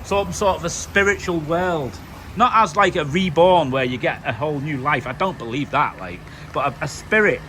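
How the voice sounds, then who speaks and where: Speaking at a moderate pace, this UK man has a voice on the high side that sounds pushed and bright, with a little hiss or hum. He is vlogging outdoors at home, delivering a casual, rambling monologue to camera, conversational and packed with fillers.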